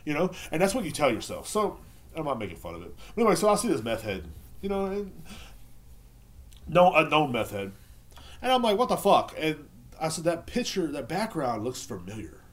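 A man's voice: fairly high pitch, big pitch swings, fairly quick, pauses often. A man hosting a casual solo podcast, rambling, swearing often and turning sarcastic. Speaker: podcast host.

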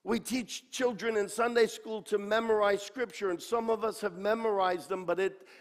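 A man in his sixties preaching a sermon, swinging between impassioned shouting and low, quiet speech with a repetitive, emphatic cadence. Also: steady tone, normal speed. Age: 60s. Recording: long reverb of a large hall.

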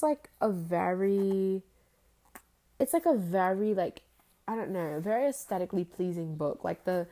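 A woman's voice: fairly low pitch, mellow. Woman teacher rambling to her viewers, fake british accent, lots of likes and ums. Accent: put-on British. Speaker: vlogger. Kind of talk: casual chat to viewers.

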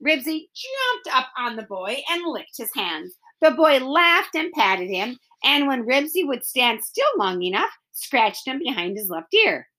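A woman reading a children's book aloud with expressive storytelling. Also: sits high, unhurried, few pauses. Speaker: narrator.

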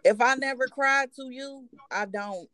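A woman's voice: high voice, unhurried, fairly bright tone, no room sound. A woman co-hosting a podcast in casual chat, talking loosely and profanely and laughing often, a little tipsy. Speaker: podcast co-host. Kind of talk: casual chat among friends.

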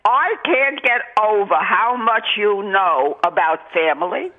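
A woman's voice: medium pitch, expressive, a little slow, few pauses. An older woman calling in to a radio show, gushing with praise in an effusive way. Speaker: caller. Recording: dull phone line.

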